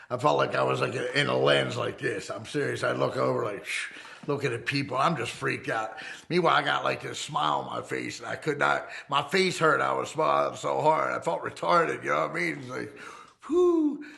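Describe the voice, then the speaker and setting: Speaking at a moderate pace with a medium-pitched, fry-tinged voice, a middle-aged man from the US recounts his life as an ex-convict. His telling is laid-back, foul-mouthed, and lively, and he acts out each quoted voice.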